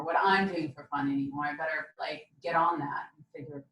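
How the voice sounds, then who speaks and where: A woman's voice: low voice, a little fast, fairly bright tone, highs cut off. A woman guest in a casual podcast interview, speaking thoughtfully in a loose, reflective way. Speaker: interview guest, marketing manager. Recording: echoey, distant, faint background noise.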